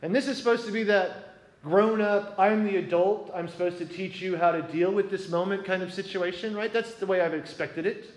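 In an echoey room with faint ambience, a man with a high voice tells a gathering an earnest personal story at a normal speed. He speaks conversationally and often asks if his listeners are following.

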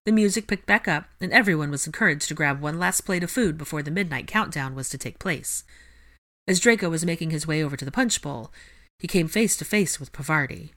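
Woman narrator, fan fiction reading, steady measured delivery, deep low voice. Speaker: audiobook reader.

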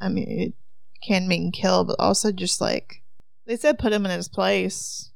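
Woman teacher, gravelly, dry close sound, chatty and questioning. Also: medium pitch, fairly even intonation, unhurried, no echo. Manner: questioning, thinks aloud with fillers. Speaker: teacher playing a mystery game. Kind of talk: casual group chat.

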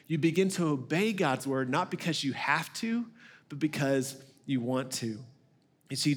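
A man in his thirties, a lead pastor, preaching a sermon in a conversational, storytelling way and acting out the quoted voices. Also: a little high.

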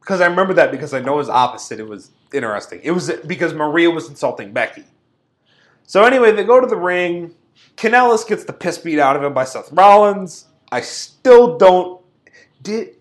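Guy with a pretty high voice ranting about a show segment, fed up, chatty. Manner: animated, exasperated ranting. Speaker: podcast co-host. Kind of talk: casual recap chat.

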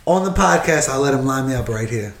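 A man's voice: mid-range voice, expressive, fast talker, creaky. A man talking on a casual podcast, defending himself with laughter. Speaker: podcast co-host. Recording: echoey room.

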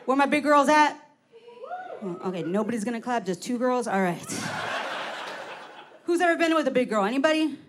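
A woman's voice: a little high, lively intonation, brisk, pauses often, noisy background. A woman in her forties doing a brash, profane stand-up comedy set, teasing the crowd from a club stage. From United States.

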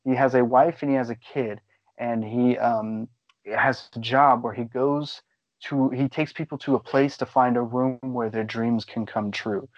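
A man co-hosting a podcast, chatting casually about movies in a rambling, excitable way and swearing freely. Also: medium pitch, unhurried, no room sound, muffled recording. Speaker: podcast co-host. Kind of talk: casual chat.

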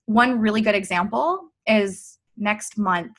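A woman's voice: mid-range voice, lively intonation, slow, a bit bright. A woman from Canada with a Canadian accent, a coach talking casually and reflectively as a podcast guest. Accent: Canadian, near Detroit. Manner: chatty, reflective, frequent fillers and laughter. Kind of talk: casual conversational interview.

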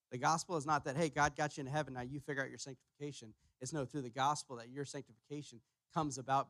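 A man's voice: mid-range voice, a bit bright, no room sound. Emphatic male pastor preaching. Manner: emphatic, repeats key phrases, rises in volume on points. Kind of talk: sermon. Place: church sanctuary.

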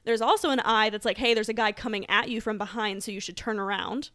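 A young woman in her twenties co-hosting a casual podcast, lively and laughing, reading out listener stories. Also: mid-range voice, fast talker, no room sound, clean studio sound. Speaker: podcast co-host.

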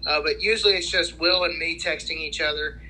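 A man talks shop about his fantasy league, stumbling over restarts while bragging about his record. His tone is very bright and forward, pitched a little high. Faint ambience sits behind him. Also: steady tone, a little hiss or hum, poor audio. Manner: halting, many restarts, boastful. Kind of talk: casual banter about fantasy sports.

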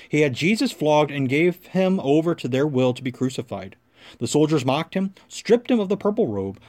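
A man giving a clear, expressive liturgical scripture reading. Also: on the high side. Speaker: scripture reader.

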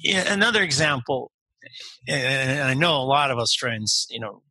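A man's voice: mid-range voice, expressive, pushed and bright, husky, dry recording, low-quality recording. A man talks through his thoughts in casual conversation, often restarting and repeating words. His voice is tense and edged with huskiness. The recording is dry and close. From United States. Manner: halting, repeats words while searching for them.

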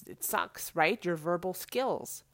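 Energetic woman coach, dry sound. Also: fairly low pitch, takes it slowly, no room sound. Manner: energetic, conversational, laughs often. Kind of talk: motivational talk.

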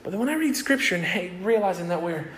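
In a roomy-sounding church hall, a man preaching as pastor brings his stories to life, acting out each person's voice. He's high-pitched, animated and quick, with a slightly bright tone, and a little hiss or hum runs under the recording.

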